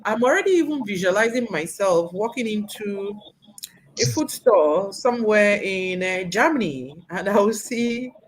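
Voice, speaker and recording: A woman hosting an interview show, effusive and animated, laughing often as she talks. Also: medium pitch, measured pace, a little hiss or hum, poor audio. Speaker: talk show host.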